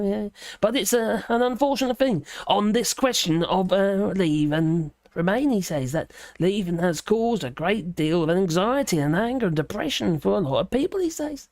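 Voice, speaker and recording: A woman's voice: medium pitch, expressive, normal speed, a little mellow, dry recording, clean studio sound. Sarcastic woman reading with mocking asides. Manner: sarcastic, mocking asides between read passages; rambling with many fillers and hesitations. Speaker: livestream host. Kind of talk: reading a news article aloud with commentary.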